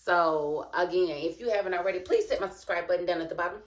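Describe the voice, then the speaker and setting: A woman's voice: on the low side, fast, reverberant. Chatty woman recapping a TV episode. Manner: chatty, colloquial, talks straight to viewers as "honey" and "y'all". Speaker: TV episode reviewer, channel host. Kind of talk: casual recap and review vlog.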